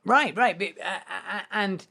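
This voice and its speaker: A man's voice: high voice, normal speed, gravelly, pushed and bright. Earnest podcast host man. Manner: earnest, explanatory, frequent restarts. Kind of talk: podcast conversation.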